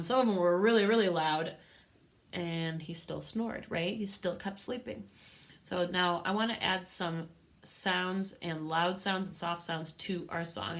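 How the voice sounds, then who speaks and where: A woman teaching a music lesson to young children, patient and encouraging, with a sing-song teacher manner. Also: on the low side.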